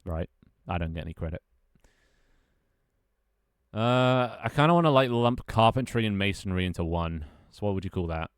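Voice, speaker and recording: Young male streamer, lowish voice, close dry mic, rambling casual chat with viewers and friends. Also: lively intonation, moderate pace, long pauses, smooth, no room sound.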